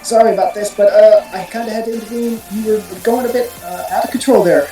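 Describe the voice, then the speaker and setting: A calm young heroine, played by a woman at a tabletop game, speaking with a dark, mellow tone that is apologetic but firm. The room is echoey, and faint music plays behind her. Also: medium pitch, fast, lightly acted.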